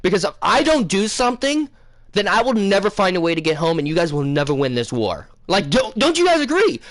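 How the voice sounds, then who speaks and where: A young man casually retelling a dream to his viewers, rambling and excitable, with many fillers and self-corrections. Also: high-pitched, a little fast, no echo. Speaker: gaming channel host. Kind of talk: casual storytelling to camera.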